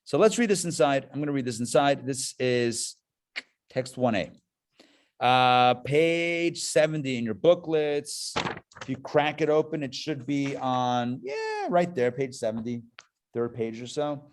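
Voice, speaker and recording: A man, a rabbi, teaching a live adult class in a playful, animated way, full of jokes and rhetorical questions. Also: on the high side, moderate pace. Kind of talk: live adult education lecture.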